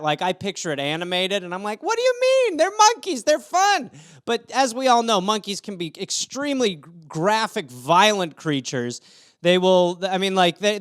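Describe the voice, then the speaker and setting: A man with a high, smooth voice riffs through a solo comedy podcast. He talks profanely and rambles from one absurd scenario to the next. The sound is close and dry, with no room echo. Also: fairly bright tone. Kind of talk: solo comedic riffing on news stories. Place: home room.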